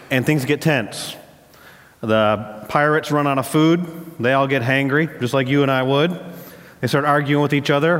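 A man preaching a sermon as pastor, mid-pitched and steady. He builds his points through emphatic repetition and storytelling. His voice carries a long reverb tail, as if recorded in a large church hall.

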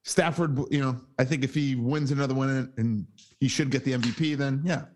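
A man's voice: mid-range voice, steady tone, brisk, darkish tone. A man co-hosting a casual sports podcast, blunt and opinionated, swearing often. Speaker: podcast co-host.

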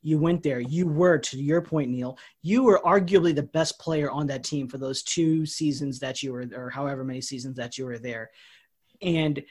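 A man talking sports on a casual podcast with a slightly husky voice that sits a touch higher than most men's. He rambles through his opinions with plenty of fillers, and his sentences often fade off quieter as they end. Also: normal speed. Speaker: podcast co-host.

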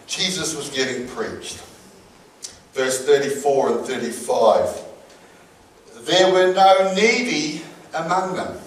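A man preaching a sermon and telling a story with acted-out voices. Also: on the high side. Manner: storytelling, acts out voices in an anecdote. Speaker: pastor. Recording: echoey hall from far off.

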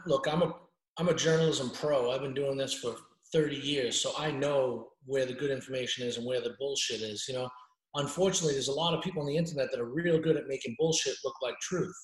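A man's voice: a little high, roomy sound, rough recording. A middle-aged man, a journalist talking bluntly on a casual podcast interview, often restarting his sentences. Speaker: journalist guest.

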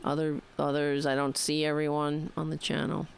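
Woman talk radio host, New York accent, rambling and wry, smooth clear voice. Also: low voice, monotone, moderate pace, hardly any pauses. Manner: rambling, wry, talks to listeners directly. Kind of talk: casual political talk radio monologue.

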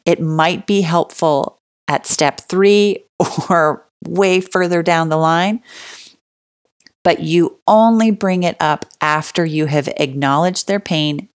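A relationship advice speaker offers casual spoken guidance, firmly stressing key words, acting out example dialogue, and using fillers like "like" and "you know." Her low voice is clean, studio quality, with no echo.

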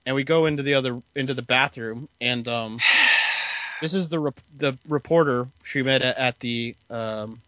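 A man's voice: mid-range voice, normal speed, a bit bright, dry recording, dull audio. A man co-hosting a podcast, recapping a story in a rambling way with lots of fillers. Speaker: podcast co-host. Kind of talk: casual chat.

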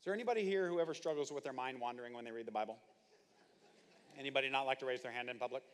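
A man preaching a sermon, telling stories with animated, comic asides. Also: mid-range voice, racing, a little hiss or hum. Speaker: pastor. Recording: hall reverb.

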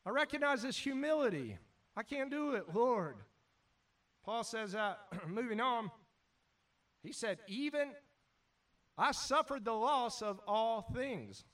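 A man preaching a sermon as pastor, animated, shouting at times and then dropping to quiet asides. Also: very high-pitched, slow pace, long pauses, recorded from a distance.

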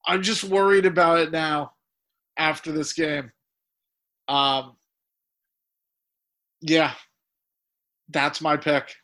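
Bright-voiced man giving blunt football takes. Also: a little high, flat delivery, takes it slowly, pauses often. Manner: blunt, wry opinions. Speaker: podcast co-host. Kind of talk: casual sports chat.

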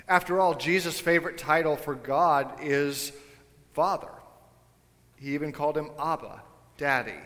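A man preaches in a church sanctuary, talking to his congregation in a loose, conversational way and tossing in jokey asides. His voice sits a little high for a man. The sound hangs in a long hall reverb. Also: a little slow, fairly bright tone. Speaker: pastor. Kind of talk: sermon.

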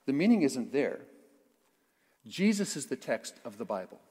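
A man preaching a sermon to his congregation, playful and animated, who acts out quotes and makes sound effects. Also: fairly high pitch, moderate pace, breathy edge. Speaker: pastor. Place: church sanctuary. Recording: long church reverb.

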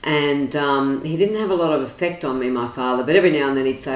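A woman's voice: sits low, fast. A woman, an astrologer, telling her story at length in a chatty, rambling way with frequent ums. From Australia. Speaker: astrologer guest. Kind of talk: casual storytelling interview. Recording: roomy echo.

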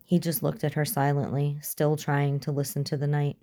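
A woman reads a thriller aloud in a measured, suspenseful narrating voice. Her tone is low and dark, smooth and mellow rather than bright, and she keeps an even, controlled delivery. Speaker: audiobook narrator. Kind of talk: scripted narration.

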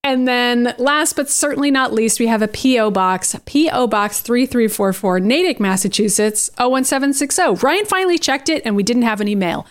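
A woman's voice: a little high, lively intonation, normal speed, hardly any pauses. A woman co-hosting a podcast, chatty and upbeat in a casual chat, laughing easily. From Boston area. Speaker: podcast co-host.

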